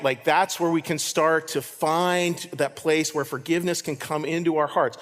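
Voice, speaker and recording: A man preaching a sermon as pastor, animated, swinging from loud to hushed. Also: on the high side. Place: church hall. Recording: long hall reverb.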